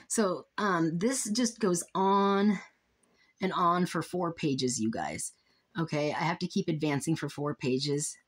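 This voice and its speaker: A woman's voice: low voice, takes it slowly, husky. A young woman in a casual vlog at home, reading out emails and complaints, frustrated and exasperated, trailing off and restarting. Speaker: vlogger.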